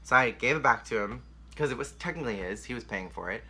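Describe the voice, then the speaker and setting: A man's voice: medium pitch, animated, quick pace, sharp tone, breathy edge. A young man candidly telling a painful personal story to the camera, emotional and rambling, with lots of "like.". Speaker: vlogger.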